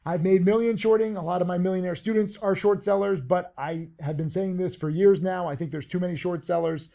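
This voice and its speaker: A man's voice: high-pitched, vocal fry, dark tone. A man giving a casual video lesson on trading, brash, boastful and blunt. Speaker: trading teacher.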